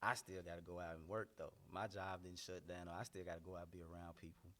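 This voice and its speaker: Man, pastor and singer, very deep voice, heartfelt testimony, repeats himself for emphasis. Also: level tone, fast talker, bright, forceful tone. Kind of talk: candid, emotional personal testimony.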